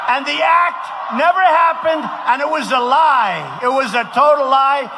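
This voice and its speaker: A man from the United States giving a campaign rally speech, shouting and repeating phrases for emphasis. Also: very high-pitched, expressive, unhurried. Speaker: politician addressing a rally. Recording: rally recording with clear background noise.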